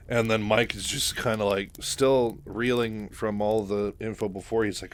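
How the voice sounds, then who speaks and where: A man walks through a story recap in a loose, chatty way, stacking fillers and asides and laughing at his own remarks. His voice sits on the low side. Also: steady tone, moderate pace, hardly any pauses. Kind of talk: casual retelling of a story.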